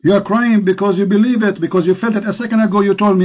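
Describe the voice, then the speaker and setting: A man's voice: high-pitched, fast talker, hardly any pauses, darkish tone. A man with an Arabic accent preaching with passion and repetition to a caller as the host. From Middle East.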